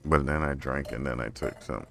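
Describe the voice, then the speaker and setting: A man's voice: very deep voice, moderate pace, vocal fry, a bit bright, faint music behind. A young man streaming a game, chatting casually to himself in a rambling, profane way. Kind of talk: casual livestream chat while playing a game.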